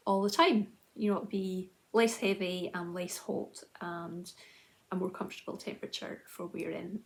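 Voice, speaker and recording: Chatty thirties woman with vocal fry. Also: on the low side. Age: 30s. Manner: chatty and self-deprecating, with frequent "um" and restarts. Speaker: knitting video journal host. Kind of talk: casual chat to camera.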